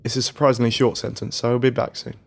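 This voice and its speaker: A man's voice: medium pitch, level tone, fast, vocal fry. An English man hosting a casual podcast, introducing guests with dry, self-mocking jokes. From England. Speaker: podcast host, magazine editor in chief.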